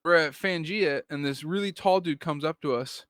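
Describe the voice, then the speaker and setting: A man's voice: a little high, moderate pace, few pauses, no echo, studio quality. A man co-hosting a comics podcast in casual chat, telling stories and acting out quotes with a raised voice. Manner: animated storytelling, acts out quotes with raised voice. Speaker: podcast co-host, comic writer.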